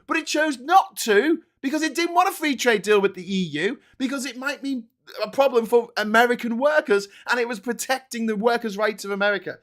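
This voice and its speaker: A man's voice: high voice, a bit bright. A man hosting a political livestream, ranting angrily with heavy swearing and frequent restarts. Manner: angry, profane, ranting with restarts. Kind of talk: heated political commentary.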